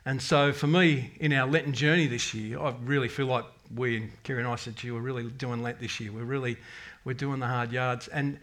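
A man's voice: medium pitch, steady tone, fairly quick, hardly any pauses, fairly bright tone. A middle-aged man, giving a rambling, candid personal faith testimony to his congregation, full of restarts and quoted prayers. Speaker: parish member giving a testimony.

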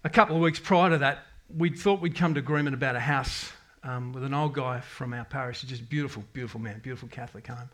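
A middle-aged man sharing a personal faith testimony with his congregation. He rambles candidly, doubling back on his words, and his pitch sits in an ordinary middle range for a man. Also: quick pace, hardly any pauses, a bit bright. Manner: rambling, candid storytelling with many restarts and self-quotes. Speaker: parish member giving a testimony.

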